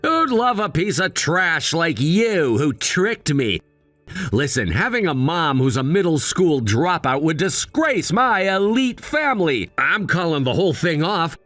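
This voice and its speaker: An actor playing an arrogant, snobbish young fiancé who talks down to others with a sneer, in a dramatized text story. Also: male voice, on the high side, very animated, unhurried, fairly bright tone, dry recording, faint music behind, exaggerated voice. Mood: contemptuous. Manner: sneering, condescending.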